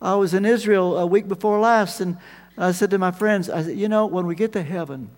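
A man preaching a sermon, telling the story with animated swings between loud emphasis and quiet asides. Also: high voice, a little fast. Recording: long reverb of a large hall.

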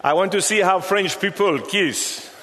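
A man's voice: sits high, a little slow. A man preaching a playful sermon in a church, teasing and coaxing members of the congregation to join in. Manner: teasing, jokey, coaxes people from the crowd. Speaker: pastor. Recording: long hall reverb, faint room noise.

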